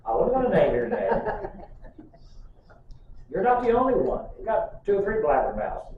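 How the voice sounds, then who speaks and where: A man's voice: high-pitched, big pitch swings, moderate pace. Older pastor, man, homespun sermon with jokes; distant mic, heavy church echo, faint room hiss. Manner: folksy storytelling with humor. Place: church sanctuary. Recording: distant, echoey, muffled church recording.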